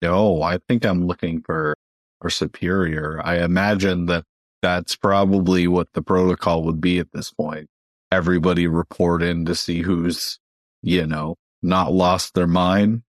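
Brief: deep-voiced male player, blunt, swears freely. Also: steady tone, a little slow, no echo. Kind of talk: tabletop role-play.

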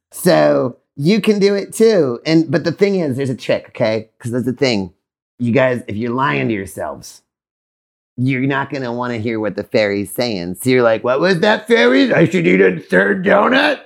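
A man's voice: medium pitch, unhurried, vocal fry. A man hosting a live podcast, talking in a playful, rambling way and acting out little voices. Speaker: podcast host.

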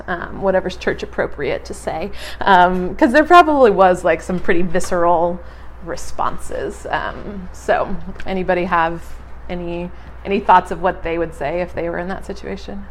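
A woman's voice: fairly low pitch, slight background noise. A woman leading a church group, reading a Bible passage aloud and chatting casually between lines with frequent laughs. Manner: laughs often, casual and upbeat. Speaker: group leader.

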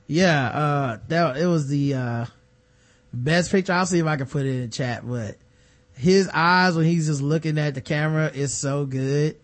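A man co-hosting a casual podcast chat, animated and profane, acting out the people he quotes. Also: fairly high pitch, moderate pace. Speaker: podcast co-host.

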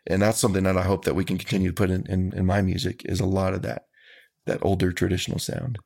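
Deep guy with a gravelly voice, talking slow and sincere in an interview. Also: level tone, a little mellow. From Texas. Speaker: country singer, interview guest. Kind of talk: casual interview talk.

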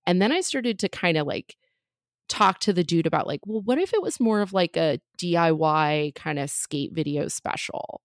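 A woman's voice: on the low side, big pitch swings, normal speed, no echo, clean studio sound. A woman comedian in her thirties telling a story as a podcast guest, chatty and full of fillers and jokey asides.

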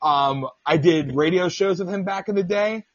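A man's voice: high-pitched, normal speed, no echo, highs cut off. A man hosting a radio talk show, telling stories in a casual, profane way and mimicking the people he quotes. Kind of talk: casual political radio chat.

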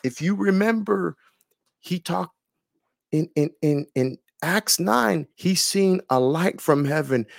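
An older male pastor delivers a sermon in a high, heavily gravelly voice. He speaks slowly and often restarts and repeats words, stepping into the apostle's voice as he retells scripture. The sound is dry and close, with no room echo. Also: animated. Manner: preaching in Paul's voice, with stammered repeats.

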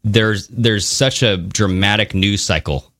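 Male podcast co-host, low and sharp-toned, animated casual delivery, dry studio sound. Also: slow, no room sound. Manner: animated, swearing, mocking voices. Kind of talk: casual conversational podcast talk.

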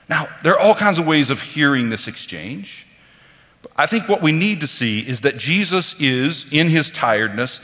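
A man delivers a sermon in a chatty, animated manner, his pitch rising and falling widely. His tone is bright and forceful. The sound carries a long reverb, as in a large church hall. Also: a little slow. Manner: animated, conversational, acts out quoted voices. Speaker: preacher.

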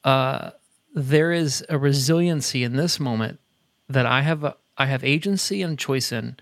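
A middle-aged man co-hosting a casual faith podcast, an animated storyteller who talks in quick bursts and laughs often. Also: medium pitch, no room sound. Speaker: podcast co-host. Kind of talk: casual chat. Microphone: headset earbuds at a desk.

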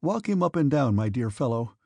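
A man voicing an eager, good-hearted young cavalry cadet with warm, brotherly cordiality, in a storybook reading. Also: medium pitch, big pitch swings, a little fast, vocal fry, no echo, clean studio sound. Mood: friendly.

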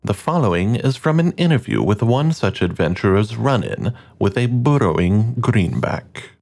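Man, mock-documentary narration, lively intonation, lowish voice. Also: gravelly, faint music behind. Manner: measured, mock-scholarly. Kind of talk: scripted documentary-style narration.

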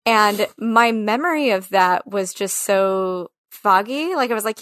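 A woman's voice: mid-range voice, lively intonation, measured pace, a bit bright, no echo, clean studio sound. A woman co-hosting a casual podcast chat about a film, talking in a loose, chatty way full of "like" fillers and acting out quotes. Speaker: podcast co-host.

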